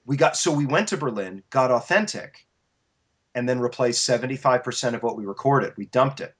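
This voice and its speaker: Animated man explaining his craft. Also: medium pitch, fairly quick. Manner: animated and explanatory, with frequent restarts. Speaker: voice actor and coach. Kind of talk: interview guest sharing advice.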